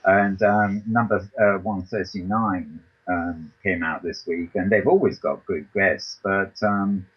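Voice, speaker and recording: A man's voice: low voice, fairly even intonation, slow pace, slightly rough, highs cut off. A man hosting a talk show, reading a news roundup and hesitating often with ums and restarts, over a voice call from his computer. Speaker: podcast host.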